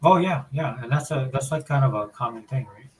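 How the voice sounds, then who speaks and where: Hawaiian-accented man, relaxed rambling podcast chat, medium pitch, light hiss behind. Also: brisk, rough recording. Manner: laid-back, rambling explanations. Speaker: podcast co-host. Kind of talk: casual chat.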